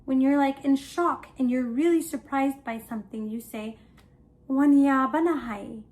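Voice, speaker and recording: A woman teaching a language lesson for toddlers, talking slowly and playfully while acting out feelings. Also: high voice, darkish tone. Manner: slow, playful, exaggerated emotions for kids.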